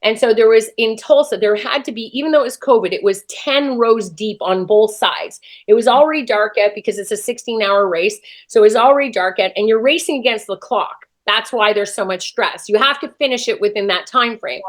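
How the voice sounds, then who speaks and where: A woman with a slightly high voice tells a personal story in an interview. She talks with lively feeling and acts out her own past thoughts as she goes. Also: a little fast, hardly any pauses. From Canada. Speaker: interview guest.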